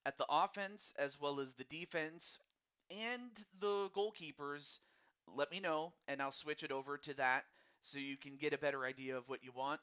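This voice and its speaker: A man's voice: a little high, moderate pace, bright, forceful tone, clear, resonant tone, dull audio. A man hosting a casual live-streamed hockey draft, rambling and repeating words in a friendly, upbeat way.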